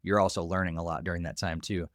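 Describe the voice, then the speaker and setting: A man's voice: low voice, level tone, fast talker, no echo, studio quality. A man hosting a podcast interview, affirming his guest often and asking thoughtful follow-up questions. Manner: affirming listener, frequent "mm" and "yeah". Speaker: podcast host.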